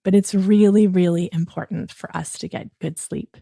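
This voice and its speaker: A woman hosting a children's bedtime podcast, gently coaxing a child listener through a relaxing wind-down routine. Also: lowish voice, steady tone, moderate pace, creaky, no echo, clean studio sound.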